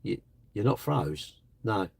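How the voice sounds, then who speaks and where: A man's voice: lowish voice, big pitch swings, slow pace, gravelly, husky, no room sound. Blunt chatty man, dry close mic. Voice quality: blunt, chatty, slangy delivery. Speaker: live stream host. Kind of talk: casual live-stream chat with viewers.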